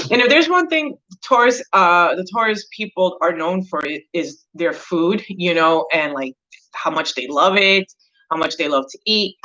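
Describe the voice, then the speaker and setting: A woman's voice: lowish voice, expressive, moderate pace, pushed and bright, dull audio. A woman hosting an astrology channel, chatting casually and rambling with lots of fillers as she tells a story. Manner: rambling, many fillers, gets heated retelling a story.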